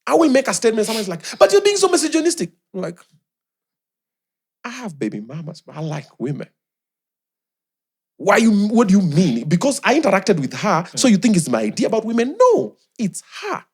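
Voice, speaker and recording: A man's voice: high-pitched, very animated, brisk, pauses often, darkish tone, slightly rough. A young man with a Kenyan accent, chatting animatedly as a podcast guest and mixing in Swahili slang. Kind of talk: casual chat.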